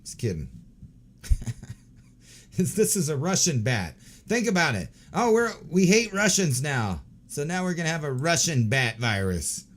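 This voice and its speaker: A man's voice: a little high, very animated, measured pace, a bit bright. A man in his forties hosting a show, giving crude, sarcastic, rambling commentary on news clips and swearing often. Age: 40s. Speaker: host.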